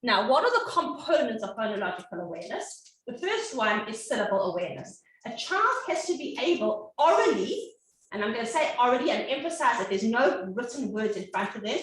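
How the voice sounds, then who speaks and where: Animated woman in an echoey room. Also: fairly high pitch, fairly quick. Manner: animated, demonstrates sounds for children. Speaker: reading specialist. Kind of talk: educational talk. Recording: echoey room, distant mic.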